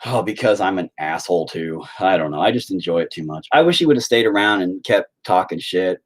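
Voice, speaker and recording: A man chatting casually with his viewers on a live stream, crude and joking, sometimes bursting into loud high-pitched exclamations. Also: lively intonation, a little fast. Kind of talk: casual chat.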